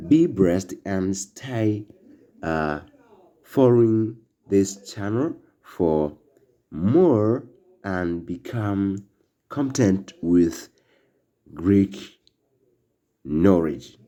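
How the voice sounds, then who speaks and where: Slow, low-voiced male language teacher. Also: animated, mellow. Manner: slow, halting delivery with fillers, drilling words for repetition. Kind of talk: classroom-style language lesson.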